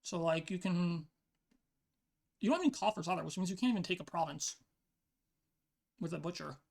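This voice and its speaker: This voice is medium in pitch, fairly quick, gravelly, and a little mellow. Its owner narrates their own online card match in a relaxed way, musing aloud with plenty of "like" fillers.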